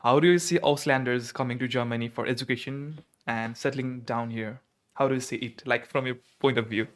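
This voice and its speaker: A man's voice: medium pitch, steady tone, brisk. A man from Nepal, hosting a casual live chat and asking questions in a chatty, easygoing way. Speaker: host.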